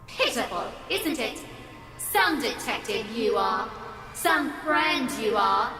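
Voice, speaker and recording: A woman's voice: on the high side, animated, sharp tone, exaggerated voice. A woman voicing a sneering monster, echoing from far off. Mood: mocking. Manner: mocking, cruel, drawn-out sneering. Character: taunting female monster mimicking a friend's voice. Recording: echoey hall, from far off, music behind.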